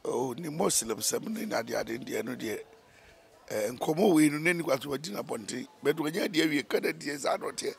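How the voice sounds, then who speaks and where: A man's voice: medium pitch, a little fast, creaky. A man giving emphatic, opinionated views as co-host in a casual political chat.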